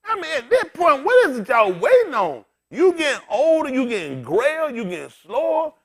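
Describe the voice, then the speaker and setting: With an extremely high pitch and a moderate pace, this bald, aging man preaches as a pastor. He jokes with and talks straight to the congregation, animated throughout a humorous, conversational sermon.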